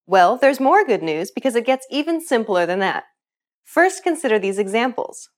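Woman doing an upbeat scripted lesson, voice pretty high and swings around a lot. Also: big pitch swings, normal speed. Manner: clear, upbeat explaining with questions to the learner. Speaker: language teacher.

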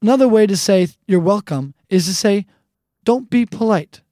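A woman teaching a language lesson, saying phrases slowly and repeating them with care. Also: mid-range voice, animated, mellow, no echo, clean studio sound. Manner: slow, deliberate repetition of phrases.

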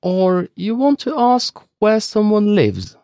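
A man's voice: sits high, big pitch swings, slow pace, mellow, smooth, no echo, studio quality. A man co-hosting a scripted language lesson, upbeat and encouraging toward listeners.

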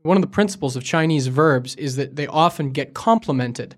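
A man's voice: fairly high pitch, a little fast. A man co-hosting a language lesson podcast, speaking as a curious learner who asks for examples, recorded in a studio. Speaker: co-host. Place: studio in Beijing.

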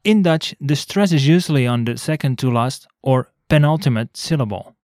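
A man co-hosting a scripted language lesson, explaining clearly and spelling words out letter by letter. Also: medium pitch, lively intonation, normal speed, a little mellow, no echo, studio quality.

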